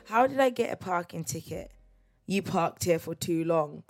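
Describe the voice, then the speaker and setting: A woman's voice: fairly low pitch, lively intonation, normal speed, faint music behind. A young woman, chatting casually as the host of her own solo podcast. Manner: chatty, laughing, tag questions like "you get me?". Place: parents' house.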